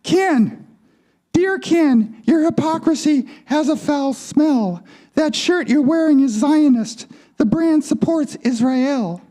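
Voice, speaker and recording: Man doing a shrill, twangy doll woman. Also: expressive, slow pace, warm tone, heavily acted. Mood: scolding. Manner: feminine twang, shrill and preachy. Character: prissy, scolding young woman doll.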